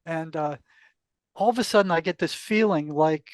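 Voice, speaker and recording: An older man with a notably high-pitched voice spins a long personal story, acting out the back-and-forth of what was said and breaking into laughs along the way. The sound is dry and close, with no room around it. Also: normal speed, no room sound. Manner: animated storyteller, acts out quoted exchanges, laughs often. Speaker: guest telling a story. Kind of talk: casual storytelling interview.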